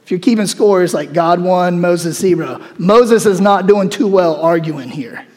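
A male preacher giving a sermon in a conversational, animated way, acting out scripture as he goes. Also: sits high, a little slow. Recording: long hall reverb.

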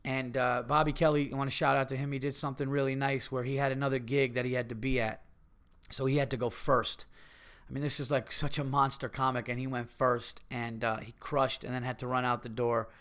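Male comedy podcast host, solo, profane and worked-up, sharp bright tone, mid-range pitch. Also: level tone, fairly quick. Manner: profane, heated ranting. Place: home.

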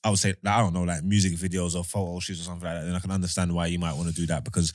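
A man's voice: low voice, level tone, very fast, dry recording, clean studio sound. A young man, rambling and hedging in casual banter, then teasing his friends.

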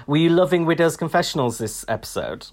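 A man's voice: fairly high pitch, lively intonation, fast talker. Guy cohosting a podcast, wry and chatty, lots of ums. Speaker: podcast co-host. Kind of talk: casual chat.

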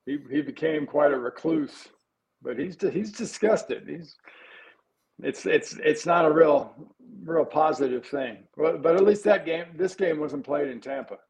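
A man in his sixties, a former player appearing as a guest analyst on sports talk radio, speaking in an easygoing, halting way with frequent restarts. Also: a little high, vocal fry, a little mellow, rough recording.

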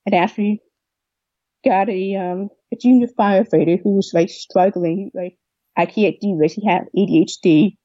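A young deaf woman telling a long personal story in an interview, replaying what people said to her with lively voices. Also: medium pitch, moderate pace, dry recording, highs cut off. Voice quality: deaf speech. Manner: rambling, animated retelling of dialogue. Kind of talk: casual storytelling.

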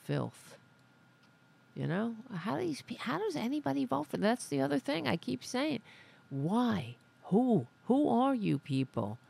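A woman's voice: a little high, sing-song, unhurried, creaky, dark tone, husky. A woman hosting a casual political livestream, ranting in an angry, profane and sarcastic way. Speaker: host.

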